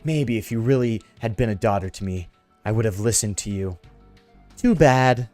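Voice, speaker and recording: A man reading the lines of a cold, haughty villain mother from a game in his own voice, scornful and slow. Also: lowish voice, animated, darkish tone, faint music behind, lightly acted. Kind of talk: reading game dialogue aloud.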